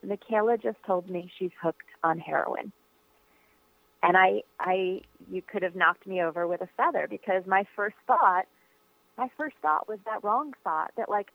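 Over a dry, tinny phone connection with no echo, a woman author speaks as an interview guest. Her medium-pitched voice carries an earnest, reflective personal story, punctuated by fillers and restarts.

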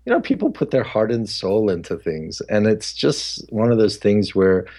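A man's voice: on the low side, big pitch swings, moderate pace, mellow. A man hosting a casual podcast chat, talking candidly and reflectively with many fillers, his voice sometimes sounding harsh. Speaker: podcast host. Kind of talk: casual conversation.

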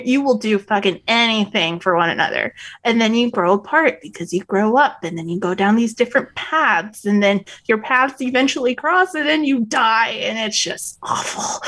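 A woman guest sharing her feelings on a podcast, halting and emotional with lots of restarts. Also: on the high side, fairly bright tone. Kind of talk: casual podcast chat.

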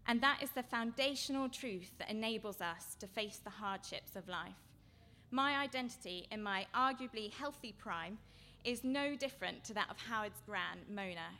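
A woman giving an earnest sermon-style seminar talk, her voice going from quiet to loud. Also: medium pitch, moderate pace, vocal fry, a little hiss or hum. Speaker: seminar speaker.

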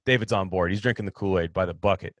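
A man with a fairly low voice talks football in a loose, opinionated ramble, often restarting his sentences as he works through a point. He sounds like a sports podcast host chatting to his listeners. The recording is close and dry, with no room echo. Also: quick pace, a bit bright. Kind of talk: casual sports commentary.

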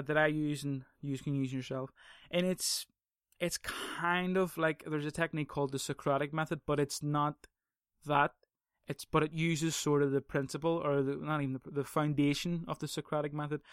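A man holds forth in a casual podcast monologue, cursing freely and pressing his points hard before wandering off on another tangent. His voice sits a little high and comes through smooth and clear. The sound is dry, with almost no room around it. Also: fairly even intonation, normal speed, no echo. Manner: profane, ranting, goes off on tangents; heated and emphatic. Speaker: podcast host.

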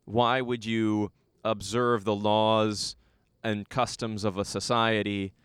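A man's voice: on the low side, little pitch movement, slow, fairly bright tone, clean tone, no room sound, clean studio sound. A young American man chatting casually, rambling through a travel story with lots of fillers. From United States. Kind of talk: casual conversation.

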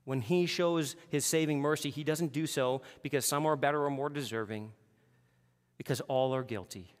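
A man preaching a sermon, animated, moving between hushed and loud passages. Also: mid-range voice, normal speed, big-room sound. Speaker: pastor.

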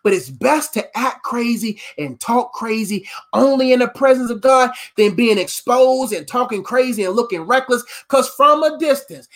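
A male preacher who swings his voice up and down as he tells funny, slangy stories from the pulpit. He talks to the crowd like friends, jumping between teaching and tall tales. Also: extremely high pitch. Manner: animated, humorous storytelling, conversational slang. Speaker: preacher and coach. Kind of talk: sermon.

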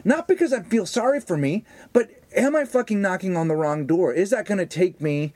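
A man's voice: high-pitched, expressive, fairly quick, darkish tone, no echo. A middle-aged man and stand-up comedian co-hosting a podcast, talking in a profane, confessional way that slides into joking threats. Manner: profane, confessional, then mock-threatening banter. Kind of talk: casual podcast chat.

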